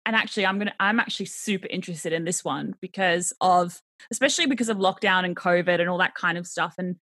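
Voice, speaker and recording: An Australian woman, her accent lightly British-tinged, co-hosts the podcast in a chatty, animated way. Her voice is bright and forward, and the sound is dry and close. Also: fairly low pitch, fast, dry recording. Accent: Australian, with some British mixed in. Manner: chatty and animated, laughs easily. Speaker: podcast co-host. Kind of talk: casual chat.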